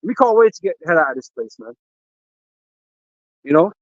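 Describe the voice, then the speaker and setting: A man's voice: on the high side, very animated, moderate pace, dry recording, lo-fi sound. A man speaking heatedly in a religious camp talk, cursing and ending lines with "man" and "you know". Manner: angry, profane, repeats "man" and "you know".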